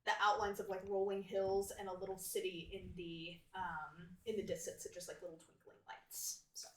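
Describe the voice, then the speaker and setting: A woman playing a tabletop game, relaxed as she describes her character's actions. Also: medium pitch, moderate pace. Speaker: player. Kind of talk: casual tabletop play. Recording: echoey room, distant mic, faint noise.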